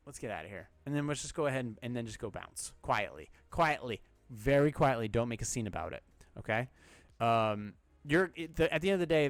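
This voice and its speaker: Male podcast host, mid-pitched, dry close sound, blunt and sarcastic, swears casually while giving advice. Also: no echo. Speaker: podcast host answering listener questions.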